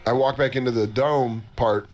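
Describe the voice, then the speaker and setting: A man's voice: mid-range voice, moderate pace. A man from the United States telling a long, profane story on a talk show, acting out the people in it. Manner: animated, profane, acts out voices in his story. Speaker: show host. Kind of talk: casual storytelling. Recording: faint music behind, radio broadcast.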